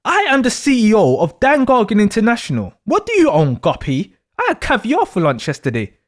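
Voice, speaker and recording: A man's voice: high-pitched, wildly swooping pitch, fairly quick. A man voicing a boastful, snobbish wealthy businessman and father. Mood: smug.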